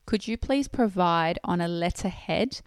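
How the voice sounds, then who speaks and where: A woman's voice: on the low side, expressive, no room sound. Aussie woman podcasting, explains things step by step, dry close sound. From Australia. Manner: clear, methodical explaining with pauses to rephrase. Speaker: podcast host.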